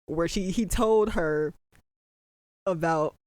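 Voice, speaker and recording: A reaction commentator at home at night, talking in animated, disbelieving exclamations while trying to keep the voice down. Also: medium pitch, slow, no echo. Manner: holding the voice down at night. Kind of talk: excited first-watch reaction commentary.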